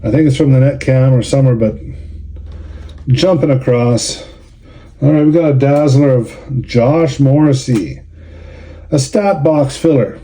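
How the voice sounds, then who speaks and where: A man's voice: medium pitch, unhurried, pauses often, mellow. A middle-aged man, casually grumbling and sarcastic while opening trading cards for a vlog. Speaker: card collector and show organizer.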